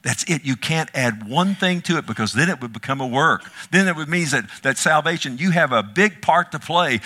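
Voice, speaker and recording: Guy preaching a sermon, bright forceful voice, goes quiet then loud, keeps asking the crowd stuff. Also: medium pitch, expressive, normal speed. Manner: emphatic, swings from hushed to loud, rhetorical questions to the congregation. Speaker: pastor.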